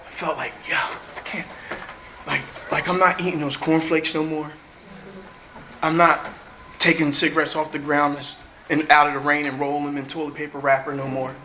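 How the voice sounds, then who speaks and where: A middle-aged man from New Jersey sharing his personal recovery story at a meeting, animated and acting out what people said. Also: a little high, a little hiss or hum. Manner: animated storytelling, acts out quotes.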